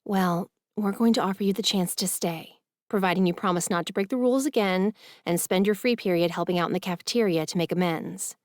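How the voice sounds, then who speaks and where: A woman voicing a kind adult school director who speaks gently and sympathetically. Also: medium pitch, fairly quick, no room sound, clean studio sound, natural voice. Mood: sympathetic.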